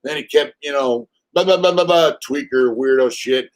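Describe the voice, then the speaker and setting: A man's voice: medium pitch, normal speed. A man in his fifties hosting a casual live stream, telling stories bluntly with plenty of swearing. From California. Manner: profane, blunt storytelling; acts out quotes in raised voices. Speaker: channel host.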